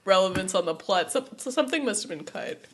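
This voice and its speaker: A woman's voice: mid-range voice, animated, fast, fairly bright tone, a little hiss or hum. A woman co-hosting a podcast, questioning a strange plot point with amused puzzlement in casual chat. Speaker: podcast co-host.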